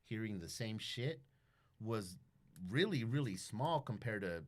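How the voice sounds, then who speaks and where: A man appears as a podcast guest, his lowish voice unhurried as he chats casually. He tells animated, profanity-filled stories and acts out everyday conversations.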